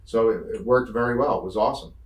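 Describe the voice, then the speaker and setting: A fast-talking man from the Northeastern US, with a lowish voice, is a guest in an interview and casually tells road stories. He's an animated storyteller who acts out quotes and swears freely, recorded off-mic from a distance with a roomy sound.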